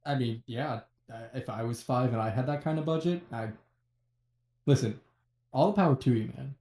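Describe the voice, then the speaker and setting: A laid-back man playing in a tabletop game, stumbling over his words as he speaks. His voice sits at a medium pitch and rings a little in the room. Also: normal speed, mellow, echoey room. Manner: easygoing, stammering. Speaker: player.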